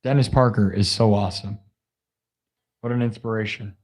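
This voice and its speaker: A young man's voice, lowish and fairly even in intonation, comes through at a normal speed as he chats on his live stream. Sore-throated after hours of yelling, he effusively thanks viewers, alternating loud hype with quiet asides.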